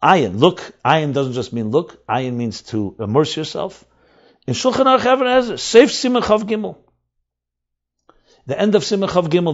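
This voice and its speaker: A man teaching as a rabbi, explaining texts emphatically, repeating and rephrasing key words, with Hebrew terms mixed in. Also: fairly high pitch. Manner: mixes in Hebrew and Aramaic terms. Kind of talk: explanatory Torah lecture. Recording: dull lo-fi recording.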